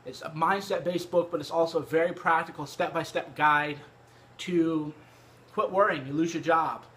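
A brash man with a high voice talks straight to camera about books, swearing freely and hitting his points hard. His tone is bright and pushy, recorded on a cheap microphone at home. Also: fairly even intonation, moderate pace. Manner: brash, profane, emphatic. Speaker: vlogger. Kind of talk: casual direct-to-camera book talk. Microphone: cheap USB microphone.

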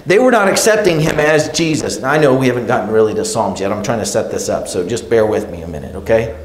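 A pastor in an echoey church delivers his sermon like a conversation. His man's voice sits slightly high, and he often stumbles, restarts his sentences and checks in with "right?" and "okay?". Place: church sanctuary.

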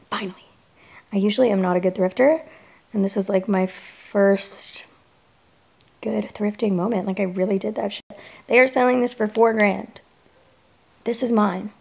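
A woman's voice: mid-range voice, steady tone, normal speed, creaky, pauses often, a little mellow, echoey room. A young woman in her twenties vlogging in casual, frank chat to camera, with lots of "like". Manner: chatty, frank, says "like" often.

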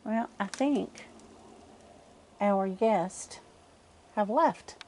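Slow-talking older woman cooing softly. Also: mid-range voice, a little hiss or hum. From Nova Scotia, Canada. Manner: calm and chatty, coos sweetly to the animals. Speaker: wife feeding raccoons at home. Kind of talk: casual chat to camera. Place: outdoors on a porch on a cold night.

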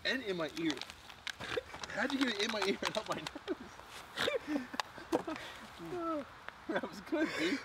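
Teasing male co-host, high lively voice, noisy recording from a distant mic. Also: takes it slowly, long pauses. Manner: teasing, joking. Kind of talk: casual chat. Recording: loud background noise, distant mic.

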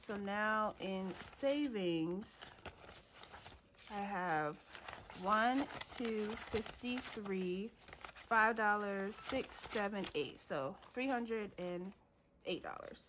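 A woman's voice: mid-range voice, background noise. A woman, chatting casually to viewers as she counts cash into envelopes, laughing often and calling them y'all. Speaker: budgeting vlogger. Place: home room at a table.

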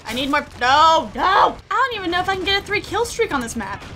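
A woman giving excitable, self-deprecating commentary over her own gameplay, laughing often. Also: very high voice, fast talker, slight background noise. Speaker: gaming video creator.

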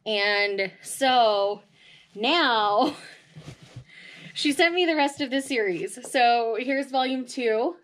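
Gushing, emotional woman with a high voice. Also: drawn-out words, a bit bright. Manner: gushing and emotional, laughs often; chatty, addresses viewers directly. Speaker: manga vlogger. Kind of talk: casual unboxing vlog.

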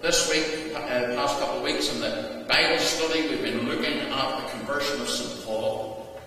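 A man, a rector, preaching a sermon in a measured, emphatic way, with repeated refrains. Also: mid-range voice, sharp tone. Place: large stone church. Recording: echoey church from far off.

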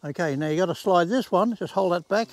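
A man's voice: high-pitched, fairly quick, no room sound. A man, casually showing a home garden in a plain-spoken, folksy way and using rural sayings. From Australia. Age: 80s. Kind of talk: casual demonstration. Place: outdoors in a garden.

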